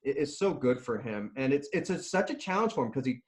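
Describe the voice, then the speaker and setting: A man's voice: mid-range voice, fairly quick. A middle-aged man, a nutrition and strength coach, telling stories in a casual interview, laughing and restarting often. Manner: animated, laughing storyteller with many restarts.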